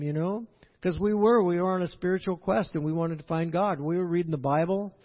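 A man's voice: high voice, fairly quick. An older man preaching a sermon, folksy and rambling, often checking with "right?". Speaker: pastor. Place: church sanctuary. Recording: echoey hall, dull lo-fi sound.

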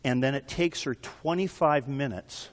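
A man's voice: mid-range voice, unhurried, long reverb tail. A male pastor preaching a sermon in an earnest way, building emphasis with repeated phrases.

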